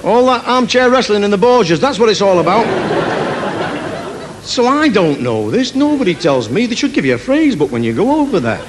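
Animated Mancunian comedian on stage. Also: male voice, sits high, normal speed, crowd noise. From Manchester, England. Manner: animated, jokey, telling anecdotes with put-on voices. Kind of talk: live stand-up storytelling. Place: large theatre stage. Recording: live theatre recording, faint hiss. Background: audience laughter.

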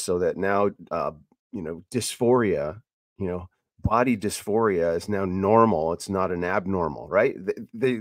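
Animated, rambling low-voiced man. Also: no room sound, studio quality. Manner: animated and rambling, with many restarts and emphatic bursts. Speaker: podcast host. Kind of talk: casual Bible teaching podcast.

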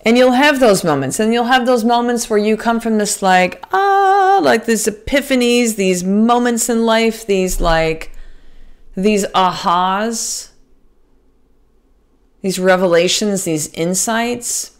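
A woman's voice: a little high, normal speed, few pauses, smooth. A woman hosting a podcast in a casual monologue, earnest and motivational, swearing freely and restarting her sentences. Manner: earnest and motivational, addresses listeners as sister. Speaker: podcast host.

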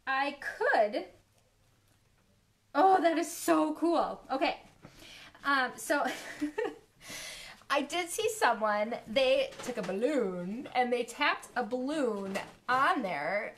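A woman hosting a live paint pouring demo from her home studio, chatting with viewers in a giggly, easily excited way. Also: high-pitched, a little hiss or hum. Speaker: art studio host. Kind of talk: live craft demo chat. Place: home studio, dogs in the house. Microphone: live stream from a phone or camera.

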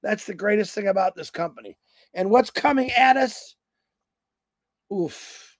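Speaking at a normal speed in a high-sitting voice with no room sound, this fifties-aged motivational speaker rambles on a company livestream. He spins folksy road-trip tales and acts out the voices he quotes.

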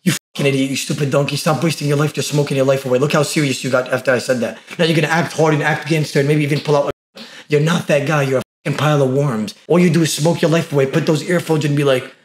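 A man's voice: on the high side, fairly even intonation, fast, roomy sound. A young man from Brooklyn, New York, a streamer bantering with strangers on video chat in brash, teasing slang and roasting them bluntly.

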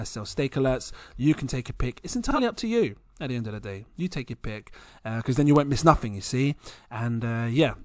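A man's voice: medium pitch, no echo, clean studio sound. A young man hosting his own crypto channel, chatting casually and rambling, often laughing at himself. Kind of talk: casual vlog talk to camera. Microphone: plugged-in desk microphone.

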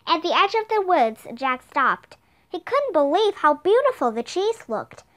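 A woman narrating a children's storybook aloud in an expressive, clear manner. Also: very high-pitched, unhurried. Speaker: audiobook reader.

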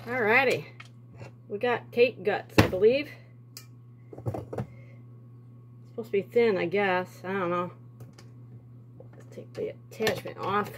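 A woman chats away to herself as she bakes in her home kitchen. Her talk is folksy and rambling, full of small asides, at an ordinary middle pitch. A faint hiss of noise sits under the recording. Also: takes it slowly, long pauses. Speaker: home cooking vlogger. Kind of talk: casual kitchen chat.

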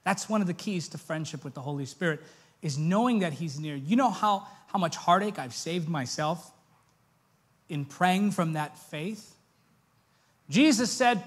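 A young man with a high voice delivers a sermon. He drops to a gentle, near-hushed tone for personal stories, then climbs into loud, impassioned preaching. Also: lively intonation, normal speed, breathy edge. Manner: moves from soft, hushed storytelling to loud, pitched-up preaching.

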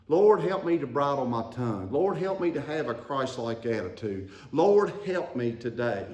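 A man preaching a sermon, calling the congregation to answer and building to emphatic declarations. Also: mid-range voice. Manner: call-and-response preaching, rising to emphatic declarations. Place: church sanctuary. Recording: roomy church echo.

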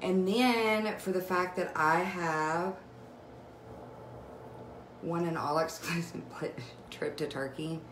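A young woman chatting live on camera at home, excited and emotional as she gushes about beauty products. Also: on the low side, takes it slowly, long pauses. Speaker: direct sales vlogger. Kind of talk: casual live video chat. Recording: echoey room with faint noise.

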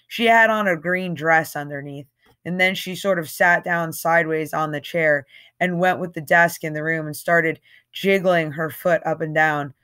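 A woman's voice: deep voice, a bit bright. A woman reading a novel aloud in a casual, conversational way, with an occasional slip. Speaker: audiobook reader.

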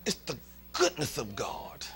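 In a church sanctuary, a male pastor with a Southern US accent delivers an animated sermon, leading his congregation in call and response and sometimes dropping to a whisper. His voice is medium-pitched, unhurried and gravelly.

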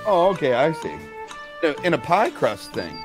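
A teasing man on a voice call whose pitch leaps all over the place as he jokes around. He sits a touch higher than most men. Music plays underneath his voice. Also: wildly swooping pitch, unhurried. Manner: jokey, laughs often, teasing. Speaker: guest on a live stream. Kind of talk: casual chat over voice call.

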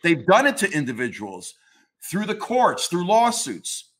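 A man with a fairly high voice talks as an interview guest, pressing his opinions hard. His delivery is emphatic and ranting, and he drops casual swear words. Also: huge pitch swings, a little slow, a bit bright. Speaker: comics historian guest.

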